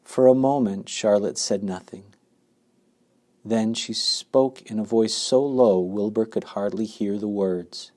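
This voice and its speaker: Expressive male storybook narrator. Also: on the low side, slow. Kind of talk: storybook reading aloud.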